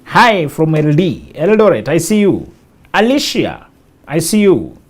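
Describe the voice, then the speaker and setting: Man, high voice, casual stream host, reads out viewer names. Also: huge pitch swings, unhurried. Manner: greets viewers by name one after another. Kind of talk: casual live stream chat.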